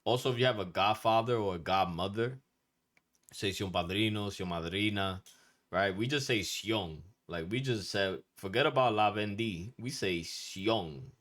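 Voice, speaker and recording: Male teacher with a deep voice, loose and slangy, blunt, swears now and then, casual lesson delivery. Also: moderate pace, fairly bright tone. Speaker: Spanish culture teacher.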